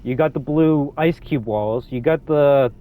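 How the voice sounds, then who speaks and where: A young man giving excitable, rambling commentary over a game, swinging between low mutters and loud outbursts. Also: a little slow, phone-quality sound. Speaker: gaming youtuber. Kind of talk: ranting gameplay commentary.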